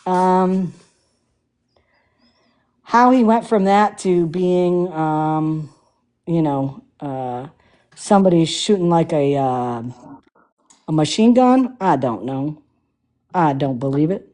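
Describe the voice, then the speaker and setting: A woman's voice: deep voice, animated, slow, long pauses, warm tone. A woman hosting a casual livestream while working on a project, talking with many fillers and breaking into playful laughter. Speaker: livestream host refinishing furniture.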